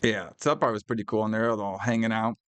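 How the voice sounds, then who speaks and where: A man's voice: lowish voice, steady tone, fast talker, a bit bright, dry recording. A man co-hosting a podcast, casually recapping a horror movie scene by scene, swearing freely, laughing often and acting out characters' lines. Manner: profane, laughing, acts out movie lines in quotes. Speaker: podcast co-host.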